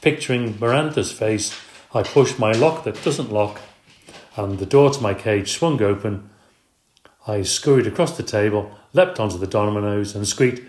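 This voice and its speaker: A man reading a children's book aloud in a steady, expressive way. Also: lowish voice, normal speed. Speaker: storyteller. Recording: roomy echo.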